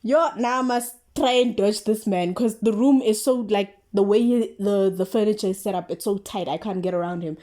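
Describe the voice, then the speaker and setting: A woman's voice: medium pitch, normal speed, hardly any pauses. Slangy young South African woman storyteller. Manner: animated, slangy storytelling with many fillers. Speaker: vlogger. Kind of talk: casual storytime.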